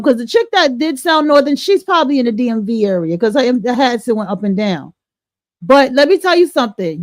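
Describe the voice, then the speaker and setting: A woman's voice: sits high, no echo. A woman from the northern United States hosting a livestream, explaining her point in a loose, conversational way with frequent restarts. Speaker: podcast host. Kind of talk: livestream commentary.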